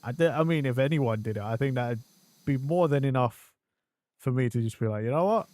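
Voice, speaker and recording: A man chatting his way through a video game stream, excitable and loose with his swearing, breaking into loud exclamations. His voice sits in an ordinary middle range. The sound is dry and close, with no room around it. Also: medium pitch, fairly quick, dry recording. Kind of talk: gameplay commentary.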